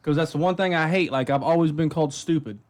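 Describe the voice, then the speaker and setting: A man's voice: a little high, fast. A man co-hosting a casual talk show, blunt and profane, talking with heat about being called stupid. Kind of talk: casual chat.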